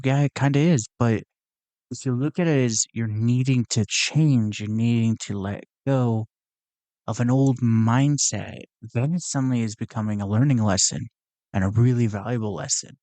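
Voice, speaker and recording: A young man hosts his own podcast, thinking aloud in a casual, earnest monologue that rambles, full of fillers and restarts. His voice is medium-pitched and a little mellow, recorded with no echo.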